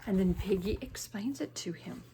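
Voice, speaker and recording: A woman teacher reading a picture book aloud to children, gently pointing things out and asking them questions. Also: mid-range voice, normal speed, background noise. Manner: gentle, questions and asides to young listeners.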